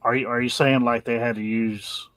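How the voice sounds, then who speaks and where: A man joining a casual online chat, speaking in a hesitant, halting way. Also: mid-range voice, level tone, fairly bright tone.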